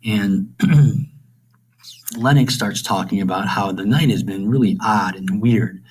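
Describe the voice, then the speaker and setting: Guy teacher rambling thru a lesson recap, lots of "you know"s, lowish voice. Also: slow, a little mellow, breathy edge, rough recording. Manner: rambling, with many fillers and asides. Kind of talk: casual lesson summary.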